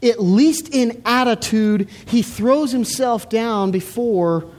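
A woman's voice: fairly high pitch, takes it slowly, darkish tone. A woman preaching a sermon in an earnest, emphatic way, repeating words as she builds her point. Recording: reverberant hall.

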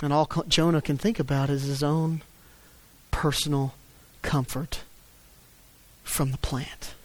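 A man preaching a sermon, swinging between loud emphatic stresses and low quiet asides. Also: little pitch movement, unhurried. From United States. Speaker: pastor.

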